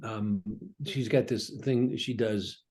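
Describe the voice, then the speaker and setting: A middle-aged pastor delivers a reflective, sermon-style message, halting often with ums and restarts. His voice is lowish, darkish, and slightly rough, with fairly even intonation.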